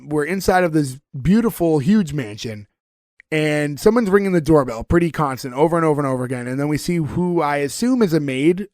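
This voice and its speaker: A man's voice: fairly high pitch, darkish tone, no echo, clean studio sound. A man hosting a podcast, recapping a sitcom episode in a casual, rambling way with many fillers. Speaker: podcast host.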